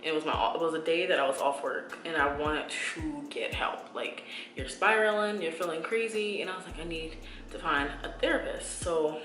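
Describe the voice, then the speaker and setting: Twenties woman doing a get ready with me chat, bright voice, lots of likes and restarts, echoey room with quiet music. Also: low voice. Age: 20s. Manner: rambling, confiding, lots of fillers and restarts. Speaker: beauty vlogger. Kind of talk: casual chat.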